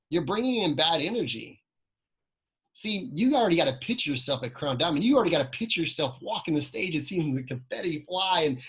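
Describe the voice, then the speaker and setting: A man's voice: a little high, a bit bright, husky, poor audio. A man giving a motivational training talk, telling personal stories, asking the audience questions and repeating key phrases.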